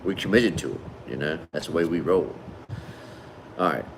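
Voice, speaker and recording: Reading through viewer comments at a moderate pace, a man with a deep voice hosts a laid-back livestream chat. He greets people warmly and casually, calling them "man" and "brother," while a faint hum lingers underneath.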